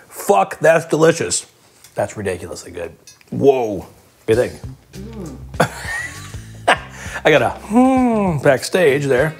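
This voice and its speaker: A man hosting a cooking show, chatting excitedly, laughing and swearing as he works. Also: fairly high pitch, slow, creaky, pauses often, breathy edge, soft background music. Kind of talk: casual cooking demonstration. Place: kitchen studio.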